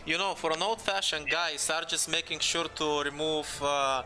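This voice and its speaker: A male player with a very bright, forceful voice and a slightly high pitch, chatting at the game table. Faint music plays behind. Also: normal speed.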